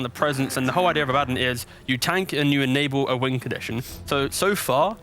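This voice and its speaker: A man analysing a live esports draft, explaining at length in a quick, lively way. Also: fairly high pitch.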